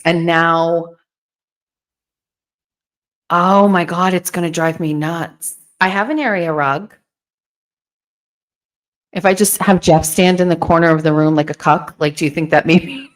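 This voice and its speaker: A woman's voice: lowish voice, a little slow, pauses often. A woman hosting a casual livestream, chatting playfully with viewers from a bare bedroom at home into a desk microphone. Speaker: livestream host.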